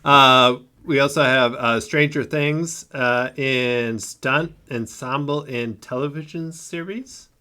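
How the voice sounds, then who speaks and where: Slow, hesitant male podcast co-host. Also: medium pitch, bright, forceful tone, smooth. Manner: hesitant, many filler sounds. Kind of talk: casual chat.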